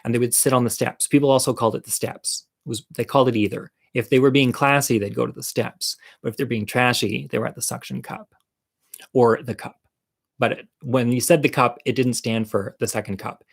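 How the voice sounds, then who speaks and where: A man's voice: mid-range voice, fairly even intonation, a little fast, creaky. A man telling a comic personal story in a casual monologue, campy and candid, with chatty, self-deprecating asides to the viewer.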